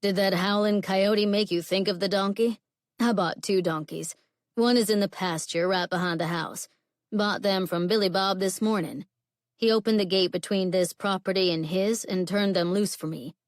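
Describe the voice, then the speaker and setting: An easygoing young cowboy who speaks in a slow, deep Southern drawl, voiced lightly by a woman reading a romance audiobook. He is heard close to the mic in a dry, quiet room. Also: fairly even intonation, dry recording. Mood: relaxed.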